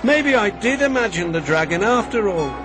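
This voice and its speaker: Brief: British man voicing a jumpy little tank engine, squeaky and high, easily scared, music under. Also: expressive, moderate pace. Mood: excited. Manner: high, jittery and breathless. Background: background music.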